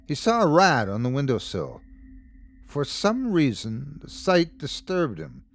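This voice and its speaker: A man hosting and narrating a horror story podcast in a dramatic, expressive scripted reading. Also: mid-range voice. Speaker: host and narrator.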